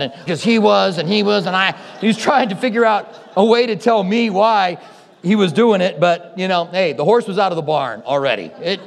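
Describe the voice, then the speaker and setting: A pastor's high-pitched voice, marked by vocal fry, carries a sermon built on conversational storytelling. He acts out what people said, and the recording has hall reverb.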